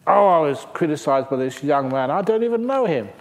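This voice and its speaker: A man's voice: a little high, animated. A man doing a whiny, aggrieved husband. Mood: hurt. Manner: whiny, rapid, aggrieved complaining. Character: upset indignant husband, insulted at market.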